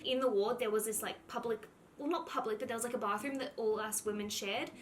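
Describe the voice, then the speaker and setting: A young woman with a lilt, her voice sitting a touch higher than most, chats to her viewers in an easy storytelling vlog. She scatters "like" through every sentence and slips into quoting herself as she goes. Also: fairly even intonation, fast, fairly bright tone. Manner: chatty, heavy use of "like", acts out her own past lines. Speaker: vlogger. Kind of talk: casual storytelling to camera.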